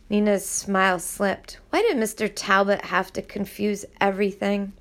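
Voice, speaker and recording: A woman narrating a novel aloud in a steady, even storytelling voice. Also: medium pitch, moderate pace, few pauses. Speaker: audiobook reader.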